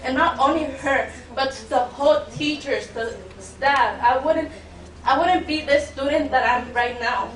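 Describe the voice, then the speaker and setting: A teenage girl from Mexico speaks, her tongue. She pleads earnestly and defiantly, near tears, her voice pitched high. The sound comes from a distance, with a roomy echo. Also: measured pace. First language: Spanish. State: close to tears. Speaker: student giving public comment. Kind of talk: emotional public testimony. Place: public board meeting room. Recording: echoey meeting room from far off.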